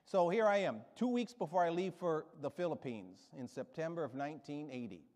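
A man in his seventies, guest preaching in a church sanctuary, delivers a rousing, emphatic sermon sprinkled with storytelling asides. His voice is fairly high, animated, a little fast and darkish, echoing through a reverberant hall.

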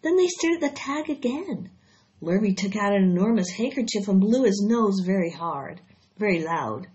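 A woman reading a children's story aloud in a steady, expressive way. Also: medium pitch, normal speed. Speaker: audiobook reader. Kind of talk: storybook read-aloud narration. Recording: dull lo-fi recording.

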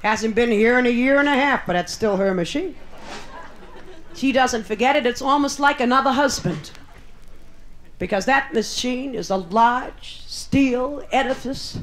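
A woman's voice: fairly high pitch, a little hiss or hum. Bawdy brassy lady comic on stage, echoey live room, crowd laughing behind. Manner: bawdy, brassy, punchy with drawn-out asides to the crowd. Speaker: stand-up comedian. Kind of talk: live stand-up routine. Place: nightclub stage. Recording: echoey live club recording with audience. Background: audience laughter.

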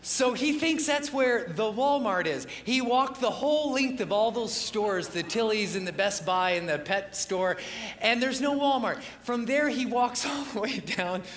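A man's voice: extremely high pitch, lively intonation, unhurried, fairly bright tone, echoey room, a little hiss or hum. A man preaching a casual, humorous sermon as a pastor, telling stories with frequent chuckles and "uh" fillers. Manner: chatty and humorous, chuckles often, many "uh" fillers.

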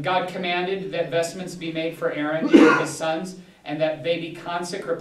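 Pastor teaching a Bible study, male, slightly high voice, digressive delivery, recorded far off in a roomy hall. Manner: rambling, digressive, many restarts and fillers. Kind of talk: casual teaching talk. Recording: echoey room, distant mic.

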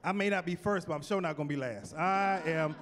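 A man doing stand-up on a big theater stage, with a voice that sits well above most men's. He delivers his jokes in an animated, punchy way that keeps climbing into exclamations. His voice rings out with the long reverb of a large hall. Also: a little high, brisk. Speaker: stand-up comedian. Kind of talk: stand-up comedy set.

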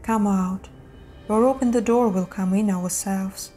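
A soft-spoken, affectionate creature lurking outside a door , as a woman narrator puts it on. The tone stays mellow and gentle, which makes it more unsettling. Faint music plays underneath. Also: mid-range voice, steady tone, unhurried, natural voice. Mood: sinister coaxing. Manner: affectionate and coaxing. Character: unseen sinister creature coaxing at the door.

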